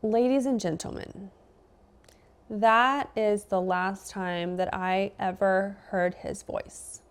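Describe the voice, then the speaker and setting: A woman's voice: mid-range voice, steady tone, slow pace, clean tone. A young adult woman, a podcast guest, telling a personal story in casual chat and acting out both sides of the conversation.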